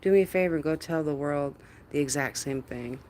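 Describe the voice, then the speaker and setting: A woman's voice: low-pitched, brisk, a little mellow, slight background noise. A woman hosting a casual livestream, greeting viewers by name, laughing often and mimicking others in quotes. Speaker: livestream host. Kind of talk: casual live-stream chat with viewers.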